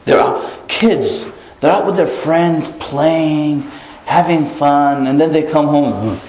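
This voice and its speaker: A man preaching a religious lecture with lively rhetorical questions and frequent chuckles. He sounds like he is in a roomy space, the recording slightly muffled with a faint hiss underneath. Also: fairly high pitch, takes it slowly. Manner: animated, rhetorical, chuckles often. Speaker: Islamic preacher.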